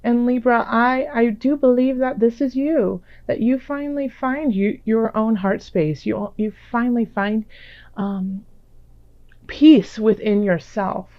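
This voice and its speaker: A woman doing a tarot reading in a casual, gentle, reassuring way, with many fillers. Her voice is a little raspy while it recovers. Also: on the high side, unhurried, no room sound, highs cut off. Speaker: tarot reader. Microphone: own microphone.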